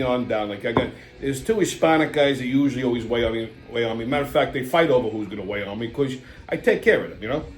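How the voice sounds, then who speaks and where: A man hosting a comedy show, ranting in a brash, profane, exasperated way. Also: a little high. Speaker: host. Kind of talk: comedic rant. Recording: echoey room with faint music.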